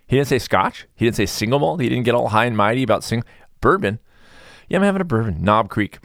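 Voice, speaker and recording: Mellow, sarcastic male podcast host. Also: fairly low pitch, lively intonation, brisk, dry recording, studio quality. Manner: chatty, rambling, sarcastic. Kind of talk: casual podcast monologue.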